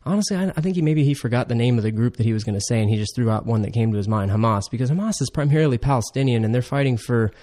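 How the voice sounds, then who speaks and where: A man from Florida co-hosting a casual podcast chat, reading out survey numbers and slowing down to stress points. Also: mid-range voice, lively intonation, warm tone. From Florida Panhandle. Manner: explains, slows down to stress numbers. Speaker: podcast co-host.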